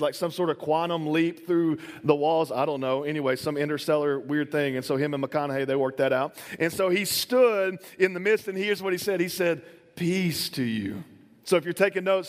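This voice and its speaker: A man preaching a sermon as a pastor, in a casual, conversational way with many fillers. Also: sits high. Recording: long hall reverb.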